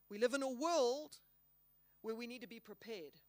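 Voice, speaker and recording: A woman's voice: high voice, no room sound, clean studio sound. Earnest woman giving a faith talk. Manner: earnest, emphatic, slows down to stress key words. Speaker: conference speaker. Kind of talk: Christian conference talk. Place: hall.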